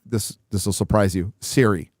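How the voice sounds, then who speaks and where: A man's voice: lowish voice, fairly even intonation, normal speed, darkish tone, no room sound, clean studio sound. A man hosting a casual panel chat, rambling and restarting as he explains. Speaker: podcast host.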